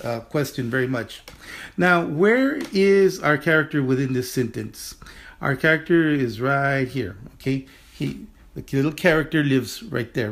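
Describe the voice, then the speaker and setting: A man teaching a Chinese lesson in English, animated and repetitive, drilling phrases slowly and often restarting his sentences. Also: a little high. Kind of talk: online language lesson.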